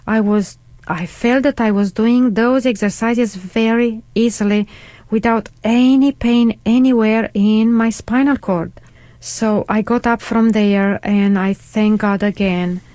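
A middle-aged woman sharing a faith testimony at an unhurried pace, her voice sitting a little high. She speaks earnestly and devoutly, restarting phrases as she goes, and the sound is dry and close. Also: a little mellow, no room sound. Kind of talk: personal faith testimony on radio.

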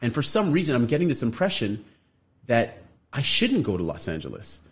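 Husky man telling an animated story. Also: mid-range voice, a little fast. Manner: animated storyteller, acts out other people's lines. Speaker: radio show guest. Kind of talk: storytelling in a radio interview.

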